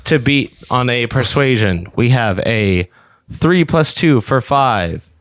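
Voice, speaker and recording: Guy running a tabletop game, smooth voice, dry close mic, just narrating scenes and rolls. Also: medium pitch, takes it slowly, no echo. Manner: descriptive, steady narration. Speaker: game master.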